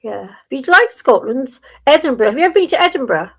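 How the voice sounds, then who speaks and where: High, creaky-voiced older woman chatting. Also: very animated, fast, a bit bright. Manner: chatty, rambling, talks to herself. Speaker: live stream host. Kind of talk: casual live-stream chat.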